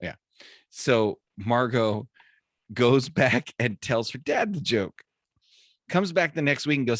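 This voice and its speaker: A man hosting a podcast over a video call, telling jokes in a loose, animated storytelling way. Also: medium pitch, measured pace, no room sound, clean studio sound. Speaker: podcast host. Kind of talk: casual chat, telling jokes. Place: home, remote video call. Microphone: own mic on a video call.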